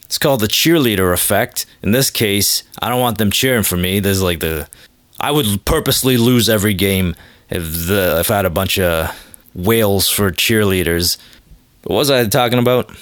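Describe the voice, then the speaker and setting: Crude self-mocking man with a low voice. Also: moderate pace, dry recording. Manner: crude, self-deprecating, offhand. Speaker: podcast host. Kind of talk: rambling comedic monologue.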